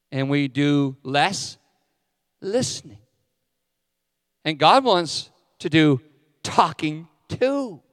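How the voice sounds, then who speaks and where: A middle-aged male pastor delivers a sermon, breaking off into candid, self-mocking asides. His voice sits a little high and comes through smooth. Long reverb trails after each phrase, as in a hall. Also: clean studio sound.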